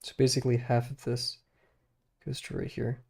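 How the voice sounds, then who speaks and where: Relaxed young man chatting while drawing. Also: medium pitch, moderate pace, gravelly, husky. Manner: relaxed, rambling, talks to himself and to chat with many fillers. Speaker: drawing streamer. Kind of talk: casual live-stream chat while drawing.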